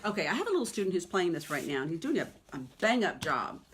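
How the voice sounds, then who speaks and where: Chatty woman piano teacher, low-pitched. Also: sing-song, fast talker, a little hiss or hum. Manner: chatty, emphatic, keeps asking "okay?" and "right?". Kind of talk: teaching webinar.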